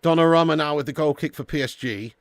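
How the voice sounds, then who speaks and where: Chatty matey watch-along host, dry mic. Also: male voice, a little high, fast talker, dry recording. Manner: chatty, banters with chat, calls viewers mate and lad. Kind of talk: casual live-stream chat.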